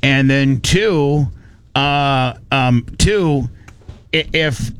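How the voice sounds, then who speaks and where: A man hosting a radio talk show, telling a story in an animated, ranting way with frequent restarts. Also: medium pitch, slow pace, clear, resonant tone.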